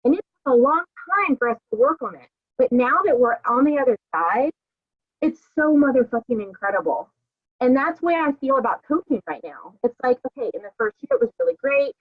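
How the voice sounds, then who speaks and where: A woman's voice: high voice, big pitch swings, brisk. Candid, profane woman on a tinny call. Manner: candid, profane, filler-heavy. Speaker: coach hosting a group call. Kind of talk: casual motivational talk. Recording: dry, tinny phone-like call audio.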